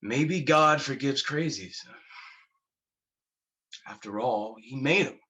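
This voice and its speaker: An actor playing a haunted male war veteran, telling his story slowly and haltingly, stumbling over repeated words. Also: medium pitch, animated, sharp tone, muffled recording, heavily acted. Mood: weary. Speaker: actor performing a monologue. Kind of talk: dramatic monologue.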